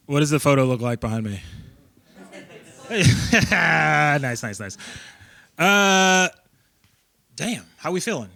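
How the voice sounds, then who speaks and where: Dude doing a chatty storytelling set on stage, lots of ums, bright higher voice. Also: male voice, big pitch swings, slow, gravelly, long pauses, a little hiss or hum. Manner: loose, chatty, filler-heavy. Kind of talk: live comedic storytelling. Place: live theater stage.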